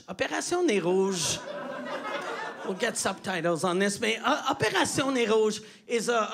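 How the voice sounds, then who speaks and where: A man from Quebec, doing a stand-up comedy set on a club stage, telling animated, profane stories full of restarts. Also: high voice, gravelly. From Quebec, Canada. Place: comedy club stage before a live audience.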